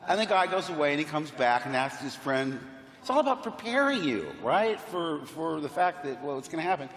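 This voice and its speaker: A man's voice: on the high side, a little fast, a bit bright. A man telling anecdotes as an actor on a convention panel, acting out the people in his stories. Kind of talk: anecdotal storytelling on a convention stage. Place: large convention hall. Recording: echoey hall with faint crowd noise.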